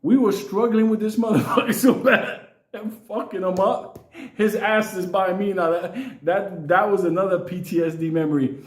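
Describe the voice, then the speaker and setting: A man's voice: high voice, fairly even intonation, normal speed. A man telling a wild story, swearing constantly and laughing through his lines. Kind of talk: profane comic storytelling. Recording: echoey room.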